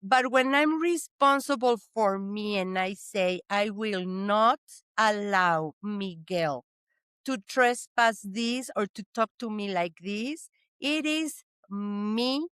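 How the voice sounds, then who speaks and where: A woman, co-hosting a talk show, explaining ideas in a slow, emphatic, motivational way. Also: mid-range voice, a bit bright, clean tone, no room sound. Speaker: podcast co-host.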